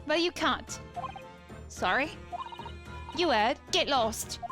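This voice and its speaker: A woman's voice: sits high, animated, slow, voice pushed up. A woman voicing a tough, defiant street-urchin girl with a cockney accent, curt and prickly. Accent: London cockney, put on. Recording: game music behind.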